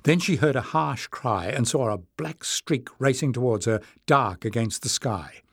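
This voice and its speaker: A man narrating a fantasy novel in a measured, expressive storytelling manner. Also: medium pitch, creaky, breathy edge, no echo, studio quality. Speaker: audiobook narrator. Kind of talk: scripted narration.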